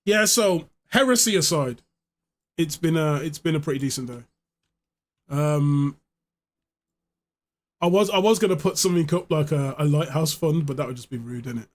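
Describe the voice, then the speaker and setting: A man's voice: on the high side, moderate pace, pauses often. A man streaming live, chatting casually in a rambling, joking way, swearing freely. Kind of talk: casual chat.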